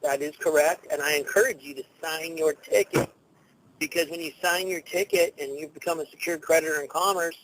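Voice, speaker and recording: A man talking casually as a guest, telling stories with lively swings and acting out the people he quotes. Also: fairly high pitch, a little fast, slight background noise, low-quality recording. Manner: animated storytelling, acts out quoted people. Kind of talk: casual talk show chat.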